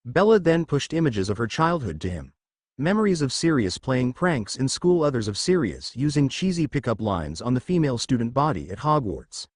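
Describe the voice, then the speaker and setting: Man reading a story with lively pitch. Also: moderate pace, no echo, clean studio sound. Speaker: narrator. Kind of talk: fan fiction story reading.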